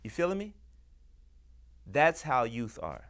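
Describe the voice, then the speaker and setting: A man hosting a show, talking with deep emotion and passion, acting out quoted voices as he makes his points. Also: very animated, slow, a bit bright. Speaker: host. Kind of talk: impassioned talk to camera.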